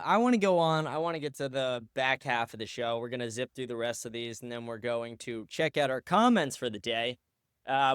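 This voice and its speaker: A male host delivers blunt, profane commentary between clips, ranting hard at times. His voice is smooth and resonant at a middle pitch. The sound is dry and close. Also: a bit bright, no echo.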